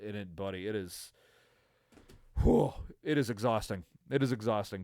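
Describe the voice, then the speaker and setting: A man's voice: fairly low pitch, normal speed, warm tone, no echo. A man hosting a casual sports podcast, ranting in a profane, tired way with lots of fillers and restarts, close to the mic. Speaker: podcast host.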